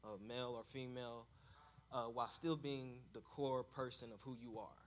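A man giving a halting personal testimony of thanks at a church service, often searching for words. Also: medium pitch, steady tone.

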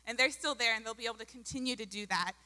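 A young woman talks in an upbeat, chatty way, full of fillers. Her voice is bright and a little high. A long hall reverb trails behind her. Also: very fast. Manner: bubbly, chatty with many fillers. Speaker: mission volunteer. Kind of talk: testimony.

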